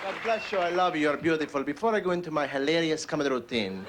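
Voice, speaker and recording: A man's voice: a little high, lively intonation, fast talker, heavy background noise. A man from Philadelphia doing a stand-up routine in a mock-earnest, exaggerated manner. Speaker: stand-up comedian. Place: comedy club stage. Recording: live comedy club with crowd laughter.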